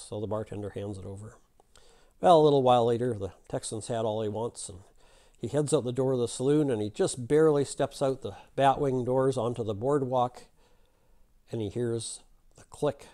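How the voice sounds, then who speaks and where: Folksy male video host telling a joke, chatty, rambling, mellow warm tone, mid pitch. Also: a little fast. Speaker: YouTube channel host. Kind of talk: casual storytelling and joke telling to camera.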